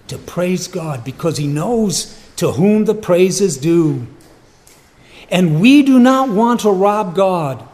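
A male preacher gives a slow, deliberate sermon, emphatically repeating key phrases to drive his points home. His slightly high, a little mellow voice rises and falls freely, with long reverb like a large hall.

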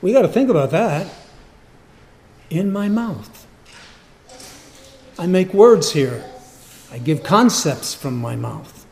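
A male preacher delivers a sermon slowly and deliberately, hammering home his points by repeating them. His pitch sits a little high and rises and falls freely. The sound carries a long reverb, as in a large hall. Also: sing-song, creaky, darkish tone. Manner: emphatic, repeats key phrases.

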